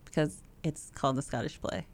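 A woman's voice: a bass voice, brisk. A woman in casual chat, bluntly giving opinions and laughing often.

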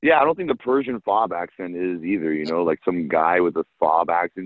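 A man born in the United States in a casual chat, talking in a relaxed, joking way and trailing off with fillers. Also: sits low, brisk, dry recording, phone-quality sound.

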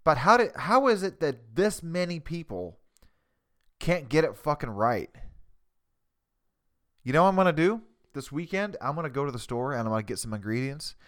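Pausing often, a man with a high-side voice talks at a normal speed in a very animated, fairly bright way. He hosts a casual podcast from his home basement on a cheap desktop USB mic, rambling with profanity and self-mockery.

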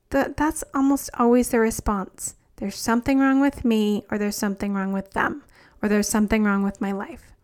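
A woman in her thirties hosting a solo podcast as a coach, chatty and enthusiastic, with lots of "like" fillers. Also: on the high side.

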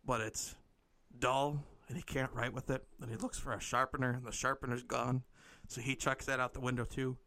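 A man's voice: medium pitch, little pitch movement, moderate pace, sharp tone. A man improvising a comic story, rambling and playful, often breaking into giggles.

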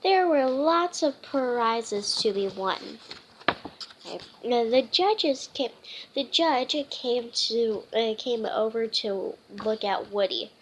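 A woman with a fairly high voice reads a children's picture book aloud at an unhurried pace, stumbling and restarting often with fillers. A faint noise sits behind her. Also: expressive, rough recording. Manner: halting, with frequent fillers and restarts. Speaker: storytime reader.

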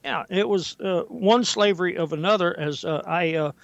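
An older man speaking as a guest historian on a talk radio show, deliberate and halting with frequent fillers, reading quotations slowly and carefully. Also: high voice, gravelly, dry recording. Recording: dull, dry lo-fi audio.

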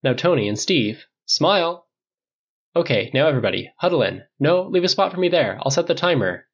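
A man voicing an eager, playful young man who is excitable and pushy, in a dull lo-fi recording. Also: fairly high pitch, fairly quick, slightly rough, voice pushed up, heavily acted. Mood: bossy.

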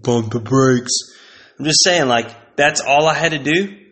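A man's voice: a little high, measured pace, a bit bright. A man delivering a profane, rambling vlog rant with exasperated disbelief. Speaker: vlogger. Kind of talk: casual ranting monologue.

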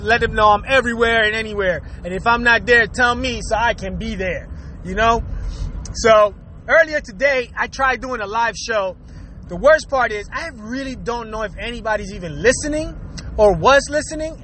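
A man with a very high, bright voice rants loosely through his own show. He swears freely, laughs between thoughts and stumbles over repeated words. The delivery is loose and chatty. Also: a little hiss or hum. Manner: laughs often between lines, profane and rambling; repeats words and restarts while talking. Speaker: podcast host. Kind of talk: casual comedic rant.

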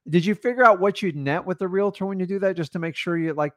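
A man's voice: a little high, quick pace, few pauses, no echo, studio quality. A man coaching real estate wholesalers in casual talk, blunt and confident, acting out his seller negotiations.

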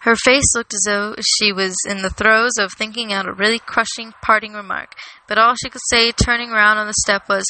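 Bright-voiced woman reading a novel aloud. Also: medium pitch, normal speed, low-quality recording. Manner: steady storytelling cadence. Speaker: narrator. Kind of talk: audiobook reading.

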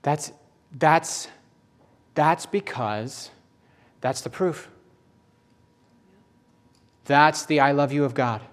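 A man preaching a sermon, emphatic and repetitive, swinging between loud bursts and hushed lines. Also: a little high, drawn-out words, pauses often.

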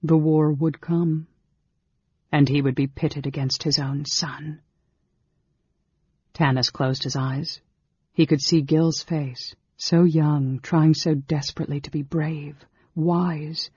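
A man reading a fantasy novel aloud as audiobook narrator, in a steady, measured way. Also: a little high, breathy edge, dry recording. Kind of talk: scripted narration. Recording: dull lo-fi recording.

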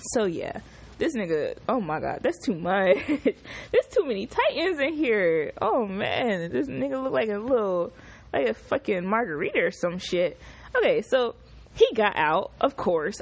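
A woman hosting a casual solo podcast, recapping a show in an animated, profane, exclamatory way. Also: mid-range voice. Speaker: podcast host.

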